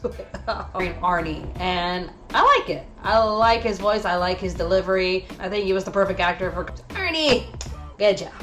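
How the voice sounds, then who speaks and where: A woman's voice: mid-range voice, lively intonation, a little slow, a bit bright. Chatty woman reviewing anime dubs. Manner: chatty, enthusiastic, full of fillers. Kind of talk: casual video review.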